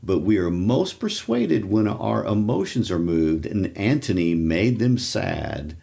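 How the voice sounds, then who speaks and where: A man's voice: fairly low pitch, big pitch swings, measured pace, creaky, dark tone, breathy edge. A man co-hosting a literature podcast, adding wry asides and historical notes. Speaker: podcast co-host.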